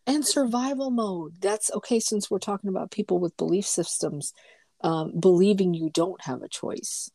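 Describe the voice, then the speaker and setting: A woman in her fifties in casual chat, animated and quick to laugh and agree. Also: medium pitch, vocal fry, dry recording. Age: 50s.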